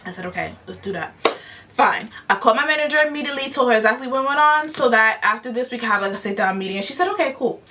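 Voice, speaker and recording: A woman telling a storytime vlog in a blunt, animated way, swearing often. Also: a little high, fast talker, far from the mic, noisy background. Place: parked car.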